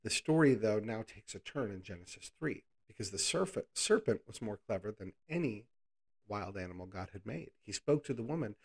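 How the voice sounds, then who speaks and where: A man's voice: medium pitch, lively intonation, normal speed. A man preaching a casual, conversational Bible lesson, asking the listeners rhetorical questions and adding playful asides.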